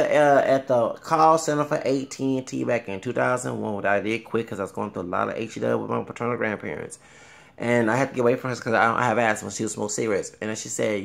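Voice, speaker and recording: A man's voice: mid-range voice, fast talker, vocal fry, fairly bright tone. A man in his thirties talking casually to camera, rambling with repeated words and frequent fillers. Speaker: vlogger.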